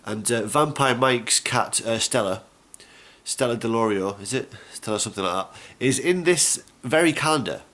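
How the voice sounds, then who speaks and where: A man's voice: mid-range voice, normal speed, a bit bright. Congested man, nasal and chatty. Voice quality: slightly nasal. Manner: rambling, chatty, many fillers. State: congested, stuffy nose. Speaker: gaming vlogger. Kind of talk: casual chat to camera. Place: home.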